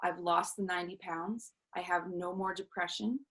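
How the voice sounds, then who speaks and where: A woman in her thirties tells her own story as an interview guest, with an earnest, reflective tone. Her voice sits a little low for a woman, and she often pauses with fillers and starts sentences over. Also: steady tone, fairly bright tone, low-quality recording. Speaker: self-love coach, guest.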